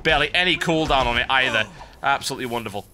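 A man giving sardonic, animated commentary over a video game he is playing. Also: medium pitch, rapid-fire. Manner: sardonic, animated, wry complaints. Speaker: gameplay commentator. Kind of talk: let's-play commentary.

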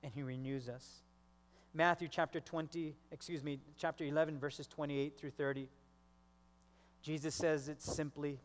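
A male pastor delivering a sermon with a fairly high voice, and he slips into the voices of the people in his stories. His words carry a long reverb from the church hall. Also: little pitch movement, normal speed. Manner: storytelling, acts out quoted voices.

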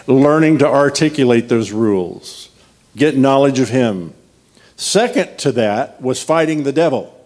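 A man's voice: mid-range voice, expressive, takes it slowly, darkish tone. A man preaching a conversational sermon as a guest speaker, telling personal stories with a humorous, anecdotal manner. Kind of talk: storytelling sermon.

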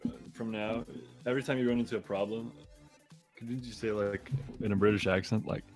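A man's voice: fairly low pitch, fairly even intonation, brisk, darkish tone, faint music behind. A young man in his twenties chatting casually on a stream and riffing on movie cliches. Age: 20s. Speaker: co-host on a dev stream.

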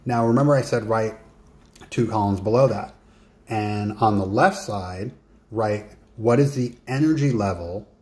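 A man's voice: fairly low pitch, measured pace, darkish tone. A man giving a recorded coaching lesson, talking straight to the listener and setting writing tasks. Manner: direct, talks to the listener, gives writing tasks.

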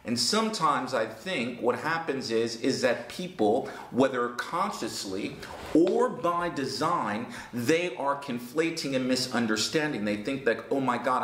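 A man's voice: mid-range voice, fairly bright tone. A man teaching English, answering a viewer's question in an earnest, emphatic way with many rhetorical questions. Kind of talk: talking-head lesson answering a viewer question. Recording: roomy echo.

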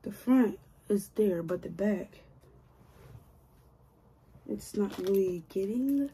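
A woman's voice: mid-range voice, animated, slow pace, mellow, a little hiss or hum. A woman chatting casually to her viewers while doing her own hair, joking and grumbling to herself as she goes. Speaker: hair vlogger.

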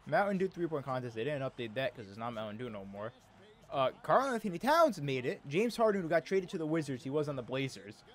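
Griping and exasperated, a man narrates his basketball video game play in casual commentary, complaining at the game out loud. His mid-range voice swings widely in pitch at a fairly quick pace.

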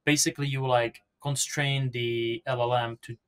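A man being interviewed as a podcast guest, explaining software in a loose, rambling conversational way. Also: medium pitch, flat delivery, moderate pace, clear, resonant tone. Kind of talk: casual technical interview talk.

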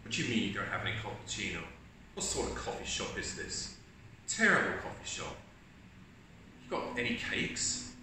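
A man's voice: on the low side, sing-song, moderate pace, pauses often, background noise, pitched below the performer's own voice. A man playing a grumpy male coffee customer who complains about everything, in an echoey room from a distant mic. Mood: scornful. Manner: rude, scornful, dismissive.

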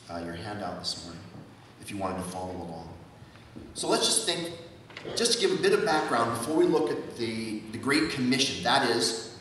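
A man's voice: mid-range voice, a bit bright, slight background noise. A man preaching a sermon as pastor, asking rhetorical questions and repeating key words for emphasis. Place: church sanctuary. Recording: echoey church hall, from far off.

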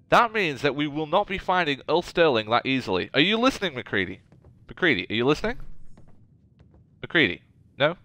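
A man's voice: a little high, very animated, moderate pace, bright, forceful tone, dry recording. A man streaming a game live, chatting casually and gushing emotionally to his viewers.

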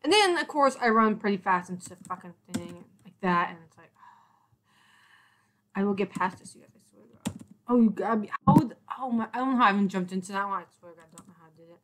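A woman's voice: mid-range voice, expressive, a little fast, fairly bright tone, a little hiss or hum. Exasperated young woman narrating her gameplay. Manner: exasperated, rambling, mock-cursing at the game. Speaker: let's play gamer. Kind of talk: casual gameplay commentary.

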